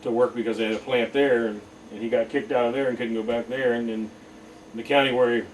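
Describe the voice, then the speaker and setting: A man talks quickly and plainly through family events in a matter-of-fact tone. He is recorded from some distance, with faint noise behind him. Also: mid-range voice, fairly even intonation. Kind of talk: casual storytelling. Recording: distant mic.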